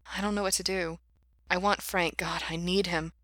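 A woman's voice: on the low side, steady tone, moderate pace, no room sound, lightly acted. A woman voicing a hesitant, anxious young man in a story she reads aloud. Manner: hesitant, quiet, flustered.

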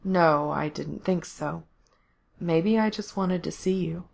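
A cold, menacing man who drawls and purrs every word, as a woman reader puts him on. His speech is slow and low, with a quiet threat under it. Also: creaky, heavily acted. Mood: drawling menace.

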